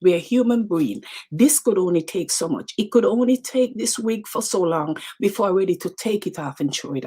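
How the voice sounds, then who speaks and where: Husky Caribbean woman hosting an emphatic live talk. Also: medium pitch, a little mellow. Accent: Caribbean English. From Caribbean islands. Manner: emphatic, repeats phrases, talks straight to viewers by name. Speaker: show host. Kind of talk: live motivational talk to viewers.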